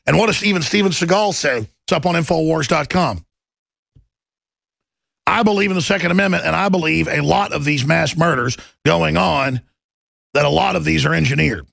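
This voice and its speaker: A man hosting a talk show, delivering an impassioned, urgent monologue that bursts into shouting. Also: on the high side, moderate pace, vocal fry, no room sound.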